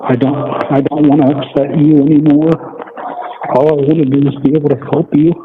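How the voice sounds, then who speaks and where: A man calling from jail, talking softly and earnestly to reassure his wife. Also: on the high side, flat delivery, a little fast. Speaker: jail inmate on a call. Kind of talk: emotional phone call. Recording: tinny prison phone line with hiss.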